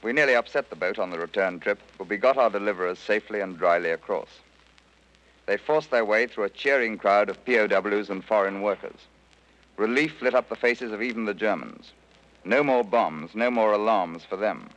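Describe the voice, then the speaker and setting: Man, low voice, old radio recording. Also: moderate pace, a bit bright. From Britain. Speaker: released prisoner of war giving a radio account. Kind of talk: scripted first-person radio account. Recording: dull archival radio recording.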